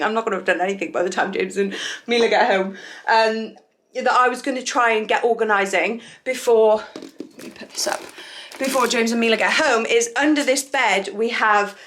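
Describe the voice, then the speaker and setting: Young woman vlogger, bubbly and giggly, brightish voice, echoey home rooms. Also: fairly high pitch. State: pregnant, out of breath at times. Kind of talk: casual vlog chat. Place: home, walking between rooms.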